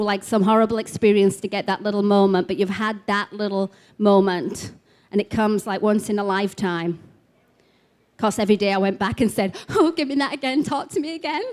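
A woman's voice: medium pitch, darkish tone. A woman speaking at an expo about spiritual healing, telling stories in a chatty way full of casual fillers. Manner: chatty storytelling, many "like" fillers. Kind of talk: live talk to an expo audience. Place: expo talk room.

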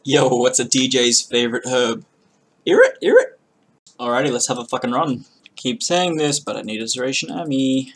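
A man's voice: medium pitch, brisk, husky. Chatty man narrating gameplay. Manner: chatty, swears freely, bursts into loud excitement over good drops. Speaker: gaming channel host. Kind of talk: casual gameplay commentary.

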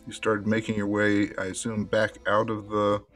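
A man narrating as game master of a tabletop horror game, speaking unhurriedly with many pauses and fillers. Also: lowish voice, completely flat delivery, faint music behind.

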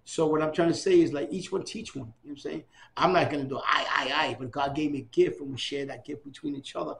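A middle-aged man recounting his life in a casual oral history interview, animated and acting out the dialogue of people he quotes. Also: a little high, fast talker, vocal fry.

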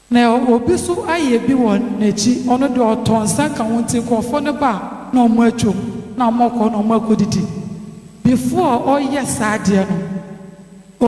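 A woman with a Ghanaian accent giving a church testimony, telling her story in a lively way and acting out the dialogue. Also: a little high. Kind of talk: spoken testimony. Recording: echoey hall, long reverb.

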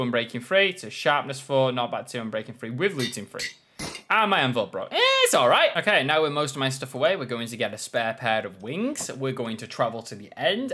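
A young man commentating his own video game play, excitable, swearing and shouting when surprised. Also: mid-range voice. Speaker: gaming channel host.

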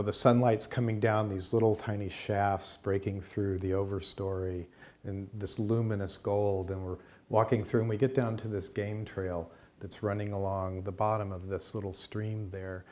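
A man leads a class with a long story, his voice low and steady. He talks in a casual, unhurried way, painting scenes and checking in with his listeners. It sounds like a college teaching room. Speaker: course teacher. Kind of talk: storytelling lecture.

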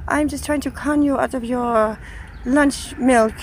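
A woman's voice: high voice, fairly even intonation, unhurried, darkish tone, a little hiss or hum. A woman voicing the thoughts of a sly, friendly young stray tomcat, wheedling and cheeky. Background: background music.

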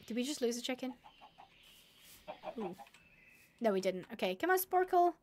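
A woman's voice: a little high, sing-song, normal speed, a little mellow, a little hiss or hum. A woman streaming a game live, chatting and mocking herself as she talks to her animals. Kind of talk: live gameplay commentary.

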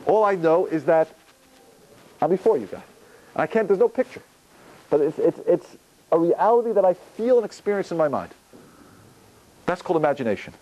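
Animated rabbi, lively lecturing man. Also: fairly high pitch, normal speed, long pauses, poor audio. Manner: animated, gestures while talking, asks and answers own questions. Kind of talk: Torah lecture on prayer.

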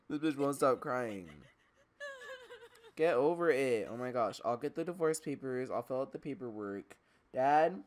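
A man's voice: medium pitch, lively intonation, measured pace, slight background noise. A man doing casual let's-play commentary, joking, swearing and laughing to himself as he plays. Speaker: gamer.

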